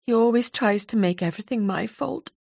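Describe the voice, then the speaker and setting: A woman narrator plays a tearful woman of forty who keeps running herself down. Her voice sits higher and wobbles, with some lines fading to a breath. The sound is dry and close, like a storybook. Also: a little fast, creaky, a little mellow, no room sound. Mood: bitter. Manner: tearful, self-deprecating. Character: tearful forty-year-old woman, self-critical.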